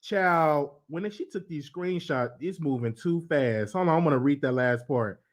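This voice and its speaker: A man's voice: fairly high pitch, measured pace. A man hosting a show, reading messages aloud and adding his own comments, often stopping to scroll back and reread. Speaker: show host.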